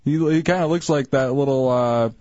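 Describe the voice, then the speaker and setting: A man's voice: mid-range voice, normal speed, no echo. A male radio co-host cracking jokes and jabs at a guest on the air. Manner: wisecracking, deadpan jabs. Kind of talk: radio show banter. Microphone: studio radio mic. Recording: dull noisy radio broadcast.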